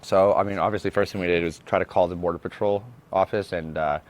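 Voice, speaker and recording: A man explaining things in a relaxed, casual interview manner, often saying "like". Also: low-pitched, fast.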